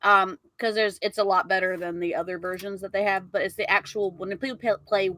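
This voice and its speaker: Bright-toned woman chatting on a podcast. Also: medium pitch, fairly even intonation, fairly quick. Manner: chatty, eating food on stream. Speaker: podcast co-host. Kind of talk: casual podcast chat.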